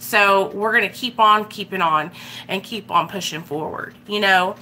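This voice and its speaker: A woman's voice: medium pitch, moderate pace, bright, forceful tone, a little hiss or hum. A young woman, talking bluntly and emphatically in a casual motivational vlog, swearing and repeating herself for emphasis. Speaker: recovery vlogger.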